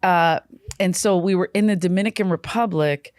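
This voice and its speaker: A woman's voice: fairly low pitch, moderate pace, no room sound, studio quality. A woman comedian telling stories in a casual podcast chat, swearing freely and acting out other people's voices. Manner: profane, animated, acts out quoted voices. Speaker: comedian guest.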